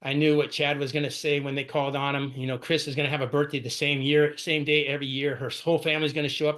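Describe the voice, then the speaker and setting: Quick guy telling his sobriety story, kinda high voice, keeps saying right? and man. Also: a bit bright. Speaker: AA speaker sharing his story. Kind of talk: personal recovery talk.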